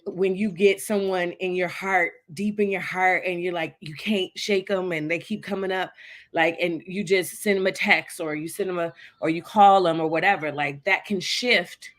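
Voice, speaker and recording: A woman's voice: fairly low pitch, steady tone. A woman co-host in a casual chat, rambling with plenty of "like" and "you know.". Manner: rambling, lots of fillers, quick bursts.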